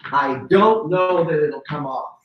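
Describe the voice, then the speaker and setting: A man hosting his own video show from home, talking slowly and loosely while he shows papers and photos to the camera, often clearing his throat. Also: a little high, lo-fi sound. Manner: slow and rambling, frequent throat clearing and fillers. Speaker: host. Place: at home, items on his wall.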